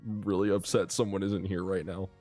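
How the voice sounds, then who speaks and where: A man's voice: low voice, flat delivery, moderate pace, mellow. A man narrating as game master, rambling and self-mocking with many fillers. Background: pirate music.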